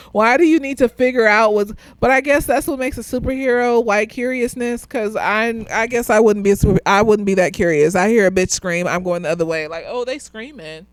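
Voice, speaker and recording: A woman's voice: mid-range voice, a little fast, dry recording. Tipsy woman rambling a show review. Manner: loose, rambling, swears freely, laughs often. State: slightly tipsy.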